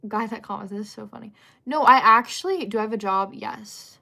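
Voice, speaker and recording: A woman's voice: mid-range voice, brisk, creaky, sharp tone. Chatty young woman reading live comments. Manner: chatty, filler-heavy, giggly asides. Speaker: livestream host.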